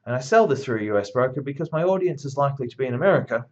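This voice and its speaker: A man's voice: mid-range voice, animated, rapid-fire, darkish tone, dull audio. A man giving a university lecture in a conversational, emphatic way, with blunt asides.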